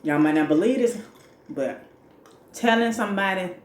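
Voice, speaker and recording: A woman's voice: mid-range voice, animated, moderate pace. A woman talking casually about self-care during a mukbang, repeating her points and laughing between lines. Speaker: mukbang vlogger. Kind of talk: casual advice talk while eating. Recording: echoey room with faint noise.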